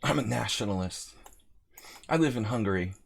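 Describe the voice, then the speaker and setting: Low-voiced man casually chatting while streaming. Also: lively intonation, normal speed, gravelly, breathy edge. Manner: rambling, chatty, reads out viewer names. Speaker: chess streamer playing a simul. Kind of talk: casual live-stream commentary. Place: lives in Hungary.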